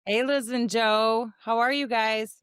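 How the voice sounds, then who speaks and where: A woman's voice: on the high side, steady tone, unhurried, music in the background. A woman hosting a podcast interview, chatting casually, laughing easily and asking friendly questions. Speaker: podcast host.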